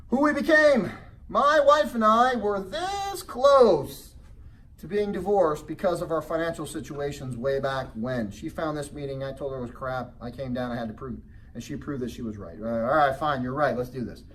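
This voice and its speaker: A middle-aged man giving a motivational real estate seminar talk, telling a family story and asking the audience questions. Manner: acts out child's voice in high pitch. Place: presentation room. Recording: distant mic with faint background noise.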